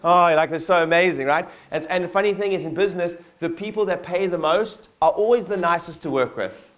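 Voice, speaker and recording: A man's voice: high-pitched, a little fast, fairly bright tone. A man giving a motivational keynote to his staff in a conference hall, talking casually with lots of fillers and calling on the audience to respond.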